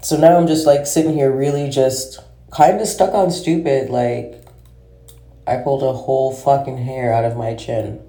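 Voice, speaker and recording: A woman's voice: a bass voice, steady tone, moderate pace, mellow. A woman vlogger in a casual monologue, ranting with heavy swearing and exasperation. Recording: roomy echo.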